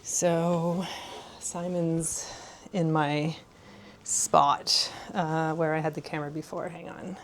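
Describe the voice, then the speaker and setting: A woman's voice: deep voice, flat delivery, takes it slowly, a little hiss or hum. A young woman chatting casually in a home vlog, rambling and laughing often. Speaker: vlogger. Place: home room.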